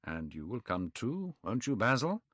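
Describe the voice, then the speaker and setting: A man voicing a witty, cynical aristocratic gentleman in a cool, dry manner. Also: on the low side, sing-song, moderate pace, no room sound. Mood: dismissive.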